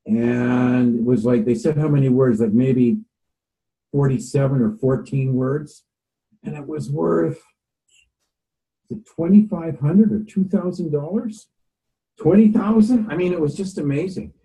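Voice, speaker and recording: A man's voice: on the high side, measured pace, mellow, poor audio. A man in his sixties, a voice actor guest, chatting casually in an interview and rambling with hesitant fillers.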